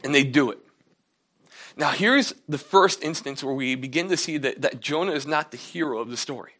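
A man's voice: fairly high pitch, fairly bright tone. A young man preaching a casual, storytelling sermon, acting out the characters' lines as he retells a Bible story. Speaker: pastor.

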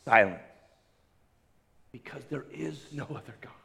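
A pastor preaches a sermon, reading scripture aloud and commenting on it with humor and emphasis. His expressive, slightly rough voice carries vocal fry and a measured pace, swinging from loud, raised lines down to quiet, low drops.

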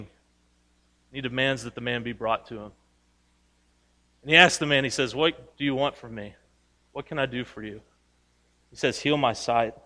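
In a reverberant hall, a male pastor delivers a conversational sermon, posing questions to his congregation and voicing the story's characters. His tone is bright and forceful, with a medium pitch.

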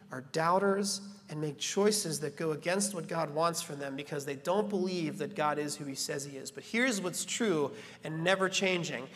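A man preaching a sermon as a pastor, animated, building to emphatic peaks and slipping in joking asides. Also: high-pitched. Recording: reverberant church hall.

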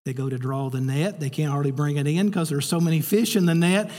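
A man's voice: on the high side, fairly even intonation, a little fast, few pauses, darkish tone. A man preaching a sermon, telling a story and acting out the voices he quotes. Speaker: pastor. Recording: reverberant hall.

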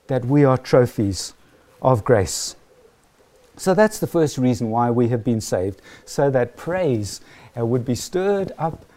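A man preaching a sermon, earnest and emphatic, slowing down on key phrases. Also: medium pitch, warm tone.

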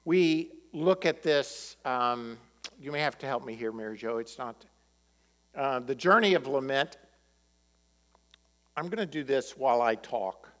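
A man preaching a sermon, in a relaxed conversational way with plenty of fillers. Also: medium pitch, a little slow, pauses often, in a large hall. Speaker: pastor.

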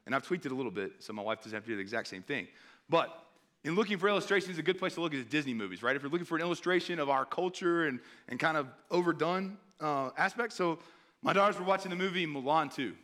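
A missionary in his thirties preaches a sermon in a conversational style, frequently checking in with the audience by asking "right?" His fairly high voice is animated, quick, pushed, and bright.

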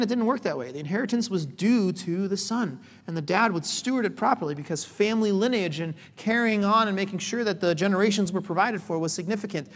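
A high-pitched male pastor delivers a sermon, chatty and animated. He breaks up his points with quick asides and acted-out quotes. The voice rings in a large, reverberant hall. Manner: conversational, with frequent "right?" asides.

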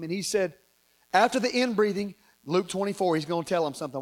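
A man with a Southern American accent preaching a sermon, reading scripture and joking with his congregation, swinging from loud to soft. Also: high-pitched, fast. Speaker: pastor.

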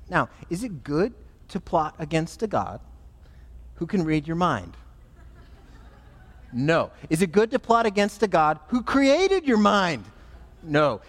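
A man, a pastor, preaching a sermon in an animated, emphatic way. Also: high voice, long reverb tail.

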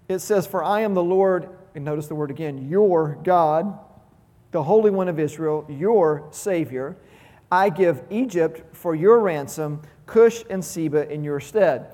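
A man's voice: high-pitched, darkish tone. A man pastor preaching a sermon, emphatic, repeating key words and asking rhetorical questions. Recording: long reverb of a large hall.

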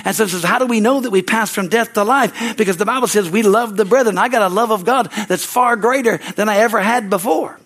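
Brief: high-pitched man, preaching pastor, fervent, peppers lines with hallelujah and amen, swings from loud to hushed. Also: fast, few pauses. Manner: shifts between loud rises and low, quiet asides. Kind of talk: sermon.

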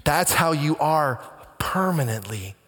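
A male pastor preaching a sermon with dramatic swings between hushed and booming delivery. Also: animated, a little slow, in a large hall, a little hiss or hum.

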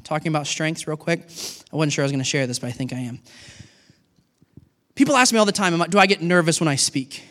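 Man, middle-aged, pastor, sermon, high voice, animated, long reverb. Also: fast. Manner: animated, acts out dialogue with God.

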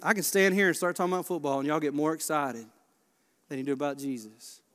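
A Baptist pastor, preaching a sermon with passion, swinging from hushed to loud. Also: male voice, a little high, fast talker. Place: large church sanctuary. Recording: long church reverb.

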